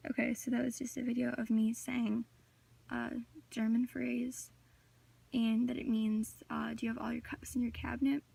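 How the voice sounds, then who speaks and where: A woman's voice: fairly high pitch, flat delivery, moderate pace, vocal fry, dark tone, breathy edge. A teenage girl giving a class project presentation, reading a prepared talk with occasional filler words. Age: teens. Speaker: student presenter. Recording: voice distant from the mic.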